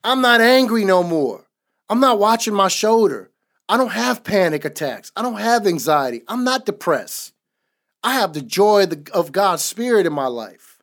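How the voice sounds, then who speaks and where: A man's voice: sits high, sing-song, moderate pace, a bit bright. A man on a podcast giving a casual, emphatic faith testimony in a repetitive, preaching cadence. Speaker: podcast co-host.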